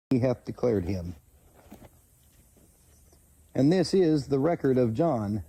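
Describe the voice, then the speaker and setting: A man slowly reading Bible verses aloud and pausing to comment, stumbling over names and correcting himself. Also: medium pitch, dark tone, husky. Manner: slow, halting reading with self-corrections. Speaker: channel host reading scripture.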